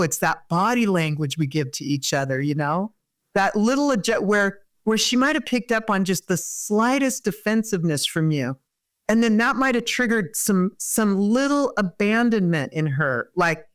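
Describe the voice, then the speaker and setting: Earnest woman therapist explaining. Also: medium pitch. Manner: earnest, explains with everyday examples. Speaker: therapist guest. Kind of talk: conversational interview.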